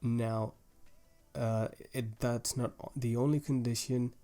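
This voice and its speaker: A man's voice: mid-range voice, steady tone, slow, mellow, soft background music. Patient man teaching a language lesson. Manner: patient, methodical, explains rules step by step with restarts.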